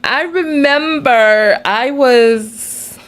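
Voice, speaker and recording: A woman hosting a casual livestream, telling a story in an animated, chatty way and laughing between remarks. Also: high-pitched, extremely slow. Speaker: livestream host.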